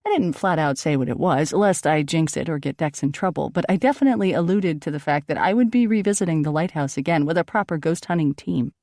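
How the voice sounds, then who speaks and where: Woman narrator, steady and reflective, slight gravel, recorded dry and close. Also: deep voice, quick pace, hardly any pauses, dry recording. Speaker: audiobook narrator. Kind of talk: first-person audiobook narration.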